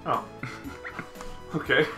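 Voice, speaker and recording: A man teasing his friends and laughing easily while playing a video game. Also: extremely slow. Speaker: let's play commentator. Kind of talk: casual gaming banter. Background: game music.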